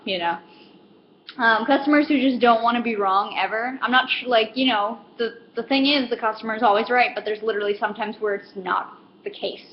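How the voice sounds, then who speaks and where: A woman's voice: fairly high pitch, fairly even intonation, brisk. Rambling young woman telling retail stories. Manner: rambling with many fillers, acting out customers. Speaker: comedic vlogger. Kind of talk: casual stand-up style monologue. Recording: roomy, dull lo-fi with faint hiss.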